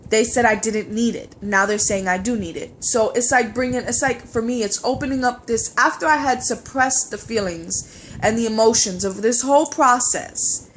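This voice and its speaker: A young woman with a stuffy nose from a cold, venting in a frustrated, halting personal vlog with many fillers and restarts. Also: on the high side, slight background noise. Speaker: vlogger. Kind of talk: emotional personal vlog rant.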